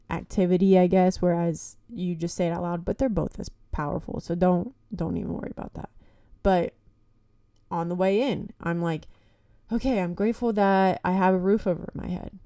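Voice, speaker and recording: Warm-voiced young woman, candid podcast host. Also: fairly low pitch, dry recording, studio quality. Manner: candid, heavy swearing, frequent "like" and "you know"; encouraging, addresses listeners as "guys". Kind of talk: casual solo podcast talk.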